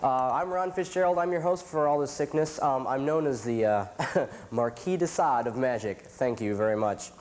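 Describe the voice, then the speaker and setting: A man's voice: mid-range voice, normal speed. Stuffed-up man hosting a campy show. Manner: jokey, dark-humored, chuckling asides. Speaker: host.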